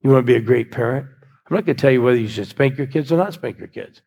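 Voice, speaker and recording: Sixties male preacher, teasing sermon delivery, raspy timbre, reverberant church hall. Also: medium pitch, quick pace, darkish tone. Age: 60s. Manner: humorous, teasing the congregation. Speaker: guest preacher.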